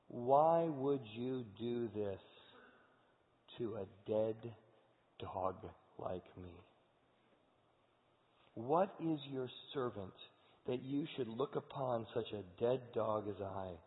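A man's voice: mid-range voice, expressive. A man voicing a terrified, crippled young man begging a king for mercy, pleading in a raised, strained voice. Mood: abject humble. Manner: pleading, frantic, then abject and slow. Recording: echoey hall over tinny sound.

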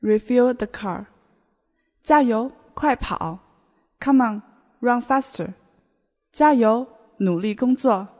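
A woman teaching a beginner language lesson on a podcast, explaining words in a slow, clear way. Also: on the high side, darkish tone. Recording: long hall reverb.

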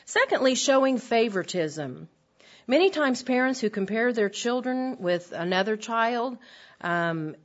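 Older female Bible teacher, earnest and direct delivery, muffled lo-fi recording. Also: mid-range voice. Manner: earnest, direct, with frequent ums. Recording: dull lo-fi recording.

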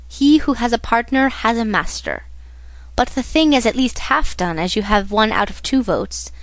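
A woman's voice: on the high side, dry recording. A woman reading the part of a fatherly, encouraging older male shipowner in a storybook.

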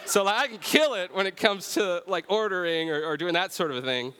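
A man preaching a sermon in a relaxed, conversational way, often checking in with "right?". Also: high voice, a little fast, hardly any pauses. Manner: conversational, self-deprecating, often says "right?". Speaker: pastor. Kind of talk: sermon with personal story. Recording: long reverb of a large hall.

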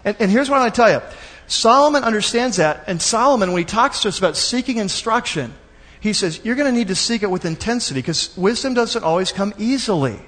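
A man preaching a sermon in a lively, conversational way, acting out little asides for the congregation. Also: sits high, a little fast, big-room sound. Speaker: pastor.

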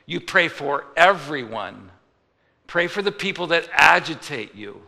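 A man preaching in a large church, his voice gravelly and bright with an edge of tension. He talks in a loose, conversational way, slipping into the voices of people he quotes. Long reverb rings around him in the hall. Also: a little high, lively intonation, unhurried. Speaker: pastor. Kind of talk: sermon.

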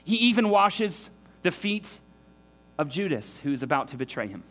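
Earnest man preaching, higher voice. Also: very animated, moderate pace, a bit bright, soft background music. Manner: earnest, emphatic preaching with repeated restarts. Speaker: pastor. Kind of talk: sermon.

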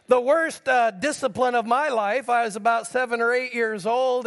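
A man's voice: very high voice, a bit bright. A middle-aged man preaching a sermon as pastor, telling personal stories and speaking straight to the congregation. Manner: storytelling preacher addressing the congregation directly. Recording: long hall reverb.

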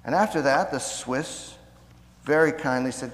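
Preacher with echoing church reverb. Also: male voice, medium pitch. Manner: measured, slows down for emphasis. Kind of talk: sermon.

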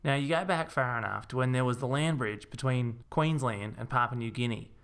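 A man's voice: mid-range voice, a little fast, a bit bright, clean tone, close to an everyday voice. A man reading aloud, voicing a cheerful, eccentric male zookeeper, lecturing matter-of-factly.

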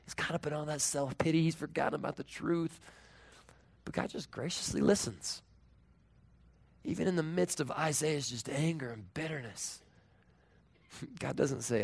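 A man in his thirties preaching a sermon as pastor, earnest, moving between raised emphasis and hushed, tender tones. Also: on the high side, normal speed, vocal fry, long pauses.

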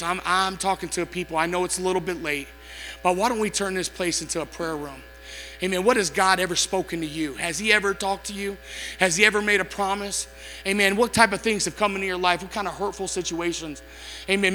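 A man's voice: sits high, bright, forceful tone. A man preaching a sermon, reading scripture aloud and building into impassioned calls to his listeners. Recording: long hall reverb with faint music.

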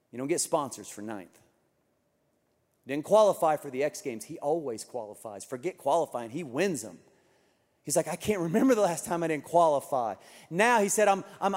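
A man preaches to his congregation, acting out the voices of the people in his story with lively energy. His voice sits a little high for a man. The sound carries the long reverb of a large church auditorium. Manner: animated storytelling, acting out quotes. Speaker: pastor. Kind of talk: sermon.

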